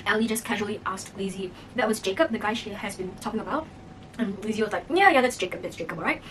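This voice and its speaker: A woman vlogger casually recapping a movie, animated and acting out the characters' lines as she tells it. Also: a little high, far from the mic, a little hiss or hum, low-quality recording. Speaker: mukbang vlogger.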